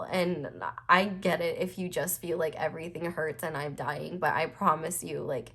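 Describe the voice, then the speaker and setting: A woman's voice: on the low side, fairly bright tone. A young woman giving a casual, reassuring tarot reading, talking earnestly with many fillers, her nose stuffed up and close to tears. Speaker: tarot reader.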